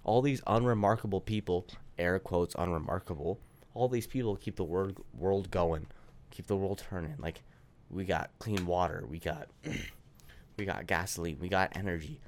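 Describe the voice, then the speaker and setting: A man's voice: sits low, normal speed, a little mellow. A man co-hosting a casual podcast, rambling with lots of swearing and filler words. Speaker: podcast co-host.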